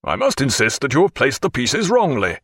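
A man's voice: mid-range voice, huge pitch swings, brisk, a bit bright, breathy edge, dry recording, clean studio sound, full character voice. A man voicing a commanding navy captain who speaks in a strong, firm voice.

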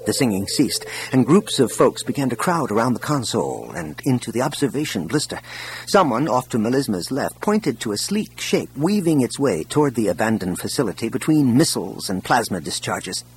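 A man narrating an audiobook in an expressive, scripted reading style. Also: mid-range voice, fairly quick, slight background noise.

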